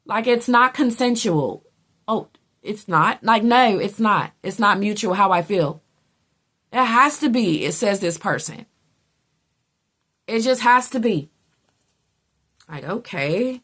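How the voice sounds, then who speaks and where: A woman's voice: medium pitch, expressive, takes it slowly, pauses often, a bit bright, husky. A woman giving a casual tarot reading, blunt and chatty, who swears freely and acts out what other people say. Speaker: tarot reader.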